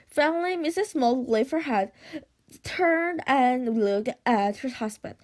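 Woman narrator for an audiobook, high voice, steady read with a few slips. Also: slow. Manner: steady reading with occasional stumbles and restarts. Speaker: audiobook reader. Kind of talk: audiobook reading.

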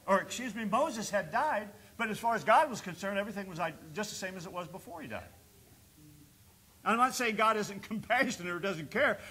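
Bright-voiced preaching pastor, swelling and dipping. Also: male voice, sits high, slightly rough. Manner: preaches with rising bursts and quiet storytelling dips. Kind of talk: sermon. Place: church sanctuary.

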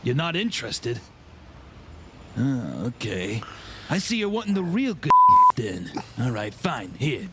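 A man's voice: mid-range voice, huge pitch swings, slow, long pauses, background noise. A man doing a slick Brooklyn card dealer. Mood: sly salesman. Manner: slick salesman patter. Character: pushy shady male card shop dealer. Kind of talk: cartoon parody dub.

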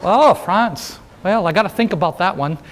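Guy doing a joking old-time union organizer, high voice, chatting up the crowd. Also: lively intonation, normal speed. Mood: jovial. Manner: folksy, joking, addresses the crowd directly. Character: jovial man, a 19th-century union organizer. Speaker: living-history presenter. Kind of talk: first-person historical role-play to a live audience.

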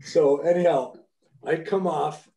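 Mellow-voiced man telling blunt hockey stories. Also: a little high, steady tone, a little slow, creaky, reverberant. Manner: blunt, profane storyteller with many restarts. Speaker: guest, former pro hockey player. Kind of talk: casual storytelling interview.

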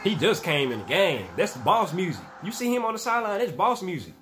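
Excitable young man reacting, slangy and loud. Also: brisk, background noise. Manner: excitable, slangy, shouts and laughs at highlights. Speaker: reaction video host. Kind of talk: casual reaction commentary.

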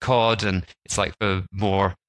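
A man co-hosting a travel and food podcast in a relaxed, conversational way. His voice sits a little low but has a bright, forward edge. He talks loosely, with frequent fillers and restarts. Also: takes it slowly, rough recording. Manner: chatty, lots of "like" and restarts. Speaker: podcast co-host. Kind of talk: casual chat.

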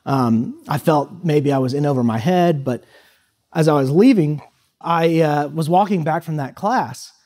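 Man in his thirties, slightly high voice, storytelling speech, casual with lots of "uh"s. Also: unhurried, mellow. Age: 30s. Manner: anecdotal, loose and conversational with many fillers. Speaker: guest speaker at a high school.

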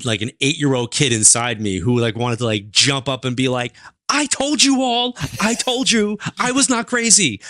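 A man, a psychic medium telling stories as a podcast guest in an animated, chatty way full of fillers. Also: mid-range voice, no room sound, studio quality. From New York. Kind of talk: casual interview storytelling.

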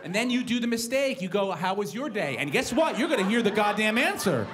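Profane, exasperated stand-up comedian. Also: male voice, sits high, very animated, a little fast. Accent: New York. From New York. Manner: profane, exasperated ranting with acted-out dialogue. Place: comedy club stage before a live audience. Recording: live club recording with crowd and room noise.

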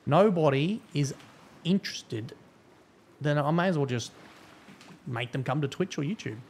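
A man's voice: fairly high pitch, expressive, unhurried, a little mellow, husky. Swearing, chatty male streamer. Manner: profane, rambling, chatty. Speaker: game streamer. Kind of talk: casual live-stream commentary.

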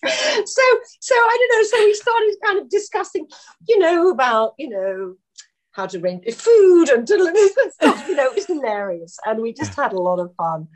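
Middle-aged woman, actress guest on a podcast, lively anecdotal storyteller. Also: sits high, normal speed. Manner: chatty anecdotal storyteller, laughs often. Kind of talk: casual podcast interview.

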